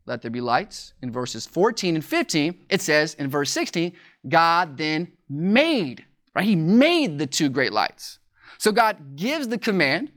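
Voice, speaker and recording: A preacher teaching a sermon from scripture, slowing down to stress key words and asking rhetorical questions. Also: medium pitch, fairly bright tone. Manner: deliberate, slows for emphasis on key words.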